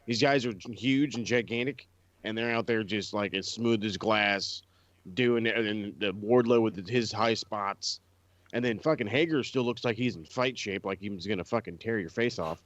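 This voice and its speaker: A man's voice: lowish voice, normal speed, a bit bright, dry recording. A man co-hosting a podcast, ranting in casual, profane chat. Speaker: podcast co-host. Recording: dull lo-fi dry sound.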